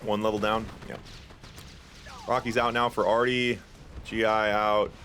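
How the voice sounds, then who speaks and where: A man casting an online strategy game tournament, casual and chatty, climbing higher and louder when the action heats up. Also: measured pace, a little hiss or hum. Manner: excitable, rises sharply in pitch at big plays; casual, chatty with filler words. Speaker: tournament caster. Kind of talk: esports play-by-play commentary.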